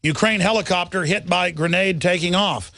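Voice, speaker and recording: A middle-aged man hosts a talk radio show, reading headlines and launching into heated, rambling rants in which he repeats words when agitated. His high voice sounds pushed and bright, at a moderate pace.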